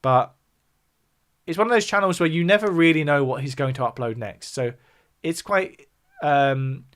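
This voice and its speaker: A man from the south of England hosts a music livestream, speaking at normal speed in a slightly high, fairly bright voice with a southern English accent. He's chatting casually, explaining things and replying to viewer chat between his points.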